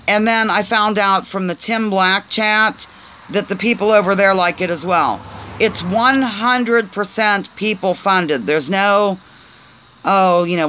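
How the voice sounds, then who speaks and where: A chatty woman hosting a casual live stream, with a playful, rambling way of talking and a bright, sharp tone. She reads aloud in fits and starts and cheerfully trips over words as she goes. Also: mid-range voice, measured pace, poor audio. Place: on a porch, outdoors.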